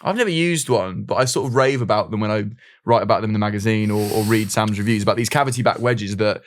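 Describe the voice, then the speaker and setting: A young man hosting a podcast in casual, self-mocking chat with quick asides. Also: lowish voice, slight background noise. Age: young adult. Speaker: podcast host.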